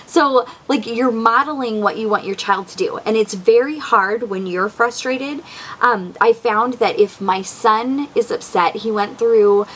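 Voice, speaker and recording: A woman's voice: mid-range voice, a bit bright, slight background noise, low-quality recording. A young woman talking casually about parenting tips, with frequent ums and likes, often acting out what she says to her kids. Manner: chatty, lots of ums and likes, acts out quotes. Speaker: parent vlogger. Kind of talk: casual advice talk.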